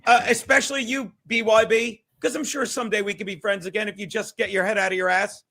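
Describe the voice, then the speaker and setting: Very high, bright-voiced scolding man. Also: little pitch movement, fast. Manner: scolding, sneering, combative. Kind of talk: ranting clip played on a podcast.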